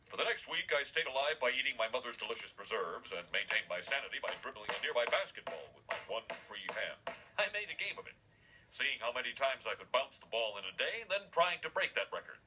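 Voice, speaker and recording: A man's voice: medium pitch, pushed and bright, slight background noise, rough recording. An actor voicing a prim, fussy school principal in a cartoon, telling his tale stiffly. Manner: stiff, prim, self-important. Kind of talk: cartoon narration of a flashback. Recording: music underneath.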